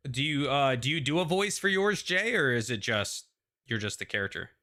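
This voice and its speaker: A man's voice: mid-range voice, expressive, normal speed, bright, forceful tone. A man hosting a casual panel chat, rambling with lots of "like" and "you know" and frequent restarts. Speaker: show host.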